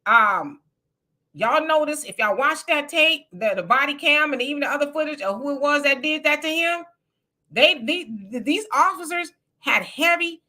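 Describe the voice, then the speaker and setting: A woman's voice: high voice, lively intonation, moderate pace, pushed and bright. A woman from California giving blunt, colloquial political commentary on a casual live stream.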